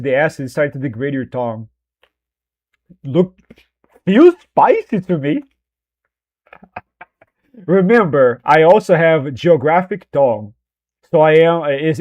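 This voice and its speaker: Loose, profane young streamer, slightly higher voice. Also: male voice, darkish tone. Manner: loose and profane, joking, reacting to chat. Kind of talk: casual livestream chat.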